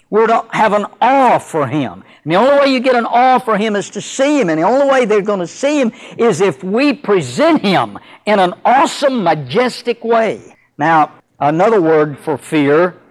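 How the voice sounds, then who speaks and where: A man preaching a sermon who reads scripture slowly and solemnly and then drives his points home with rising emphasis and rhetorical questions. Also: sits high, rough recording.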